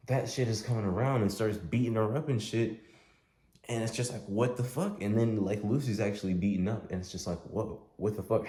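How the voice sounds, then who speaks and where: A man's voice: fairly low pitch, a little mellow. A young man recapping a movie in a casual, rambling way, full of slang, filler words and swearing. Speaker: movie reviewer. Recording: roomy echo, faint noise.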